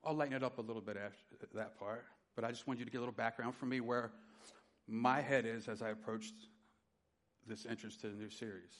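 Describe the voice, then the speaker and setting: A middle-aged man preaching a sermon, telling his personal testimony with dynamic swings from loud emphasis to quiet. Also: mid-range voice, fairly even intonation, brisk. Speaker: pastor.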